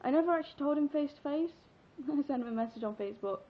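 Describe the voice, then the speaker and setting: A woman's voice: high-pitched, animated, fast talker. A sixteen-year-old girl from England telling a personal story in a casual, chatty, giggly vlog, rambling with fillers. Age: teens. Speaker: vlogger. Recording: dull lo-fi webcam audio.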